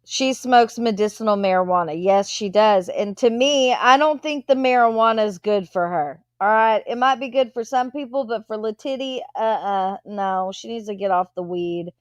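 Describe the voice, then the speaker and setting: A woman's voice: mid-range voice, normal speed, hardly any pauses, no room sound, studio quality. A woman hosting a live stream, chatting casually as she reads viewer comments aloud and answers them.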